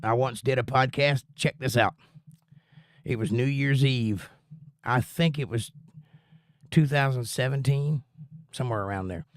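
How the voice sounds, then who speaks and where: Man hosting a chill stream, folksy and rambling, mid-pitched, dry close mic. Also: unhurried, pauses often, no echo. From United States. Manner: rambling, folksy, reads chat aloud. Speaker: livestream host. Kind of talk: casual chat reading viewer comments.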